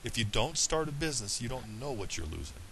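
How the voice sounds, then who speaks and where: A man's voice: mid-range voice, big pitch swings, brisk, a bit bright, rough recording. Middle-aged guy coaching straight to camera, blunt and emphatic, bit of hiss. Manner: blunt, earnest, emphatic, with restarts. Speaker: online business coach. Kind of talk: direct-to-camera pep talk.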